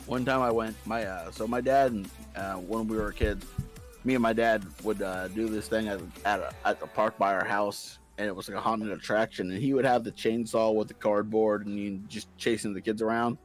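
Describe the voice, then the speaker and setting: A man as a podcast guest, telling playful stories in casual chat, breaking into squeaky voices for quotes, with faint music underneath. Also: fairly even intonation, normal speed.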